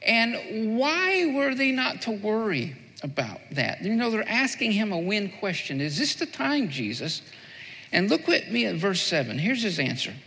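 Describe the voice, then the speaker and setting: High, bright-voiced man preaching in a reverberant hall. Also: sing-song, unhurried. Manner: repeats phrases for emphasis, rising to a fervent preaching pitch. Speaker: pastor. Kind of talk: sermon.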